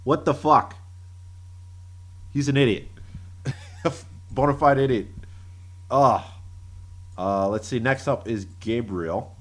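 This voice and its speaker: Man, podcast co-host, slow delivery, laughing, crude banter. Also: mid-range voice. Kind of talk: casual podcast banter, reading tweets aloud.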